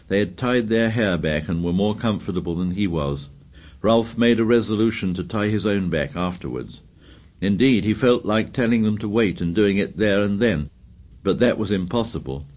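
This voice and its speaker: Brief: lower-pitched male narrator, steady measured reading. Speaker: audiobook narrator. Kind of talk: scripted narration.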